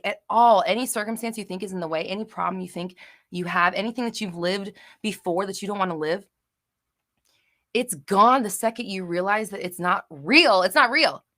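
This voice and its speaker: A young adult woman hosting a live manifestation Q&A chat, expressive and loud, who swears freely and slips into shouty rants. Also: medium pitch. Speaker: manifestation channel host.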